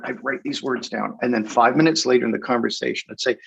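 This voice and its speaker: A man's voice: medium pitch, fast, gravelly, hardly any pauses, fairly bright tone, slightly rough. An older man from England, a guest hypnotist, telling wry, funny stories in a casual interview and laughing often. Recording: dull lo-fi sound.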